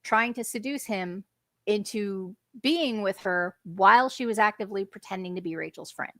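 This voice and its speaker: A woman's voice: mid-range voice, dry recording. Woman chatting, dry close sound. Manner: quick, animated storytelling. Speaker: host. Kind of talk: casual panel chat.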